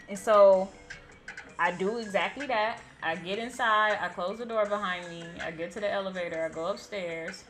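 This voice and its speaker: A woman in her thirties hosting a gaming channel, telling a story in a blunt, animated way and swearing freely. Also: medium pitch, moderate pace, faint music behind. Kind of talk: casual storytime chat.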